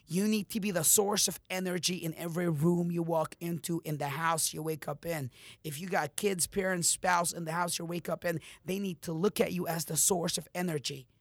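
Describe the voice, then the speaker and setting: A man's voice: a little high, fairly even intonation, normal speed, no echo. A man hosting a motivational podcast, giving a blunt, profane pep talk straight to his listeners. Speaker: podcast host, motivational speaker. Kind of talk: motivational monologue.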